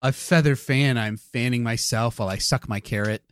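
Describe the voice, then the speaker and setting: A man's voice: medium pitch, moderate pace, few pauses, smooth, no room sound. A man improvising a comedy bit, playfully building on his partner's jokes. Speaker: comedy podcast co-host.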